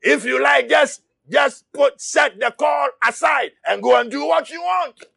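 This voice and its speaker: A man preaching a fiery sermon, shouting and crying out, repeating his words as he presses his listeners. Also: very high voice, a little slow, gravelly, no room sound, clean studio sound.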